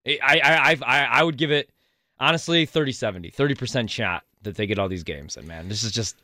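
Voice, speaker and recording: Bright-voiced man in sports radio banter. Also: mid-range voice, brisk, dry recording, studio quality. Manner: rambling, stammering restarts, joking sarcasm.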